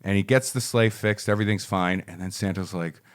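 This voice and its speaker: A man co-hosting a podcast, rambling through a story pitch in casual chat and briefly acting out the characters' lines. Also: fairly quick.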